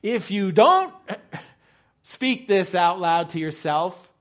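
Higher-voiced man preaching a sermon. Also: expressive, extremely slow, fairly bright tone. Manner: emphatic, rhetorical questions and repetition.

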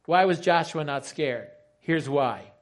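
A man's voice: on the high side, animated, takes it slowly. A man preaching a sermon in an emphatic way, using rhetorical questions and repeating key phrases.

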